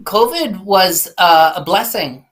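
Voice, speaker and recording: A man's voice: high voice, animated, takes it slowly, fairly bright tone. A man in his forties, a podcast guest and keynote speaker, talking earnestly and reflectively with frequent restarts. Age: 40s. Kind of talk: candid conversational storytelling.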